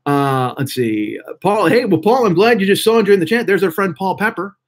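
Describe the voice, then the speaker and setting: A man's voice: sits high, animated, fairly quick. A man in his forties hosting a live stream, chatting casually and rambling profanely to viewers in the chat. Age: 40s.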